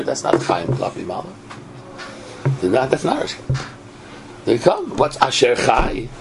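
A man giving a Torah lecture in an animated way, often asking his listeners "right?". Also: medium pitch, vocal fry. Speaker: Torah teacher. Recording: noisy recording.

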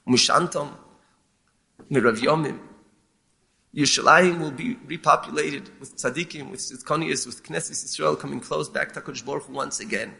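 A man teaching as a rabbi, explaining a lament text in a measured, halting way and often repeating words. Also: fairly high pitch, vocal fry, pushed and bright. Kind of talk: explaining a lament text, mixing Hebrew terms.

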